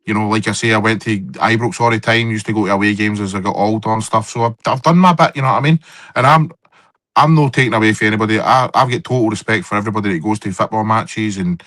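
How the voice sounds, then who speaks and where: Middle-aged Scottish male guest, low voice, rapid delivery, dry close sound. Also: a bit bright, no room sound. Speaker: podcast guest. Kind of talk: casual football chat.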